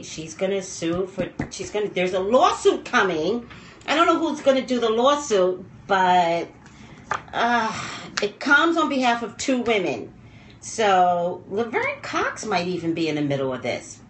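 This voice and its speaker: A woman commentating on pop culture in a rambling, emotional livestream rant, dropping low and quiet when upset. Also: roomy sound, a little hiss or hum.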